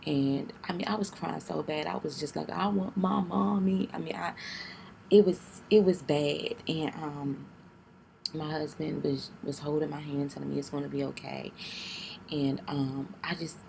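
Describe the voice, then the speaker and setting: A young woman telling a personal story in a vlog, halting and tearful, with many fillers and restarts, keeping her voice down. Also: low voice, flat delivery, vocal fry, background noise. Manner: keeps her voice down. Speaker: vlogger.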